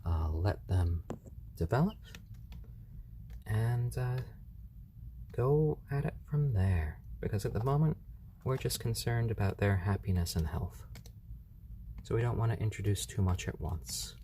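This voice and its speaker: A man hosting a casual live stream, talking softly and fondly to baby chicks, with relaxed, halting speech full of fillers. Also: fairly low pitch, slight background noise. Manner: soft, fond cooing to baby birds. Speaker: live-stream host showing pet chicks.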